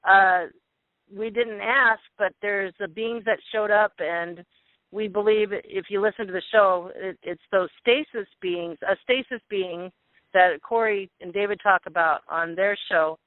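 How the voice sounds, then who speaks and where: A man's voice: high voice, steady tone, measured pace, no echo. A man hosting a call-in show, chatty as he plugs upcoming episodes. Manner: chatty, plugging upcoming shows. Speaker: host. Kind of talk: casual call-in show talk. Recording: dry tinny phone line.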